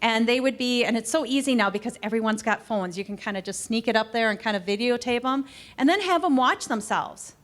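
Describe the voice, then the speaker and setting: A middle-aged woman speaks to camera in a customer service training session, her voice sitting a little above the usual for a woman. She talks in a loose, conversational way and gets animated whenever she acts out what staff or customers say. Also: fairly high pitch, fairly quick. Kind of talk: training presentation. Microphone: recorded to camera.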